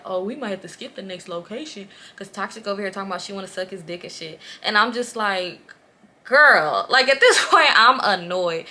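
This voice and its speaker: A young woman in her twenties telling a casual storytime in an animated, profane way, getting loud when exasperated. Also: mid-range voice. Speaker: vlogger.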